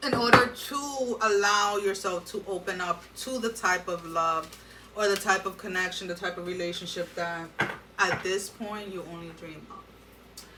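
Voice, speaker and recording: A woman's voice: mid-range voice, measured pace, recorded from a distance, background noise. A woman giving an earnest tarot card reading and talking straight to her viewers with advice. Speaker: tarot reader.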